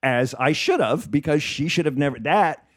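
A male comedian telling a story in casual chat, animated and swearing freely as he acts out what people said. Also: a little high, moderate pace. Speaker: comedian podcast host.

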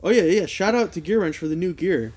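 A man co-hosting a casual podcast, chiming in with quick teasing remarks. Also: sits high, expressive, crowd noise. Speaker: podcast co-host. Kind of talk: casual chat.

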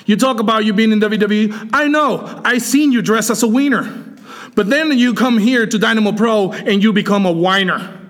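A man's voice: high-pitched, moderate pace. A man, a wrestling champion, cutting an irate, taunting promo in a bar and grill.

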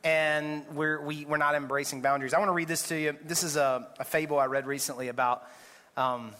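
A lead pastor giving a conversational sermon and reading a fable aloud to the congregation. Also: male voice, fairly high pitch, steady tone, brisk, sharp tone. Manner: conversational, storytelling. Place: church sanctuary. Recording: echoey church hall.

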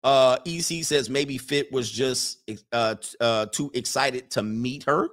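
A man hosts a casual livestream, reading out chat comments and answering them in an emphatic, conversational way. His voice sits at an ordinary middle pitch, and his talk is full of fillers and restarts. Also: measured pace, a bit bright.

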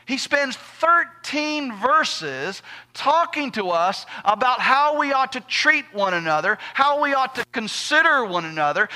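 A man's voice: high-pitched, pushed and bright. A male pastor preaching a sermon, emphatic, putting rhetorical questions to his congregation.

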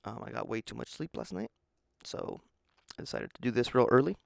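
Gravelly, tired-sounding male podcast host. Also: mid-range voice, brisk, no echo, studio quality. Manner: rambling, self-deprecating, profane. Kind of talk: casual solo podcast rambling.

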